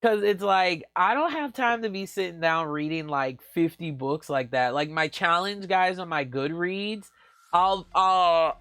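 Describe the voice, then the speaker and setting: A man's voice: sits high, unhurried, sharp tone, smooth, no room sound, clean studio sound. A man chatting casually to viewers on a live stream, gushing and giggly, often calling out to them as guys. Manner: giggly, with playful exclamations. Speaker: book vlogger.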